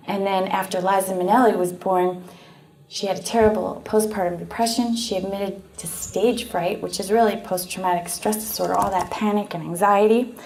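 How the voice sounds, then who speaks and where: A woman with a Canadian accent, earnestly explaining and telling a story in a casual, conversational way, with frequent pauses and fillers. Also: medium pitch, steady tone, a little mellow. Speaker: guest speaker on post-abortion trauma.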